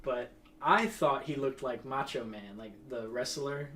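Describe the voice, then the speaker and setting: A man's voice: medium pitch, measured pace, a bit bright, a little hiss or hum. A young man telling a rambling, laughing story in casual chat, swearing freely.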